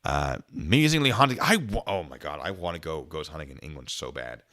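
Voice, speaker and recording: A man's voice: rumbling low, lively intonation, fairly quick, sharp tone. Giggly man chatting through comments. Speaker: channel host. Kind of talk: casual livestream chat, reading comments.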